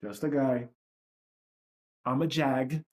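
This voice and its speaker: A man's voice: medium pitch, fairly even intonation, slow. A man hosting a livestream, talking in a blunt, profane and self-reflective way. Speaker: livestream host. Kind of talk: candid livestream monologue.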